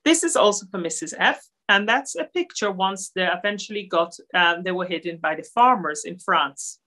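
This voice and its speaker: Earnest woman from israel doing a slide lecture, lots of ums, bright forward voice. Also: fairly low pitch, expressive, moderate pace. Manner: earnest, with frequent fillers. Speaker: lecturer at a Holocaust centre. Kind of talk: slide-based talk.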